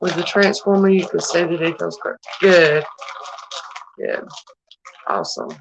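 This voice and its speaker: Southern woman, middle-aged, unhurried homey live-stream chat, lower register. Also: very animated, creaky, background noise. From United States. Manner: chatty, homey, addresses viewers by name. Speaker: livestream host.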